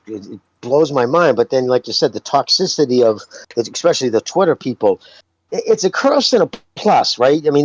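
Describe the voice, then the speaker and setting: Animated, foul-mouthed man on a dull line. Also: on the high side, no room sound. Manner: animated, swears freely, laughs often. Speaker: podcast co-host. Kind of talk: casual podcast chat.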